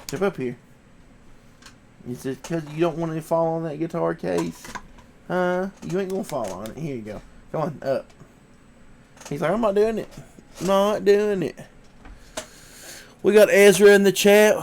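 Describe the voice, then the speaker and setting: A man's voice: sits high, a little hiss or hum. Sniffly easygoing man streaming live. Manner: easygoing, chatty, coaxing his dog. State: sniffly from allergies. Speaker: livestream host. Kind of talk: casual livestream chat.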